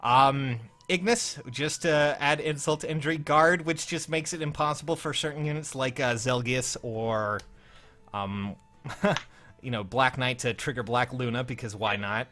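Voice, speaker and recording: A man's voice: mid-range voice, a little slow, pushed and bright. A man hosting a casual livestream, flustered and rambling, often laughing as he reviews viewers' game builds. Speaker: livestream host.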